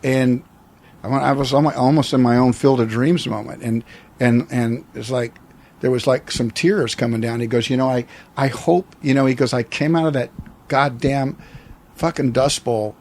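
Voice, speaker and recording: A man's voice: mid-range voice, steady tone, moderate pace, a little mellow. A man in his sixties from the United States, telling a personal story as an interview guest, reflective and rambling with many restarts. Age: 60s.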